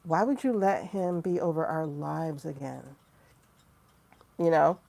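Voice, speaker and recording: A woman talks frankly and profanely on a livestream, acting out quotes as she tells her story. Her voice sits low and gravelly, with a dark, mellow tone. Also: takes it slowly. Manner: candid, profane, animated storytelling with quoted asides. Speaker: tarot livestream host. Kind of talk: casual livestream monologue.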